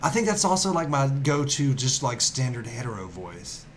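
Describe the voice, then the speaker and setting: Casual podcast co-host: man with a Western North Carolina accent, mid-pitched, rambling, wry, faint hiss behind. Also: sing-song, moderate pace. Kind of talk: casual chat.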